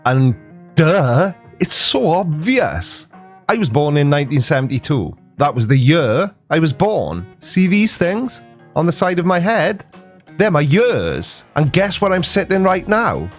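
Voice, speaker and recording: Welsh host in his 40s, fairly high-pitched, deadpan joking, faint music behind. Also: unhurried. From Wales. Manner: dry, mock-serious, playful. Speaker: comedy video host. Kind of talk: scripted comic explainer to camera.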